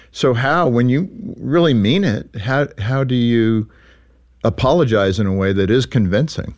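A man hosting an interview, friendly and lively, laughing easily as he asks questions. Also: fairly low pitch, a little slow. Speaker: radio show host. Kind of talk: interview conversation.

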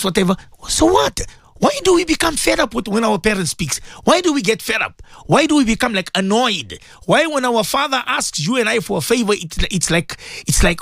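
Radio host, preaching talk, emphatic, repeats phrases, Arabic phrases in English, animated pitch, dry studio sound. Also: fairly quick, no room sound.

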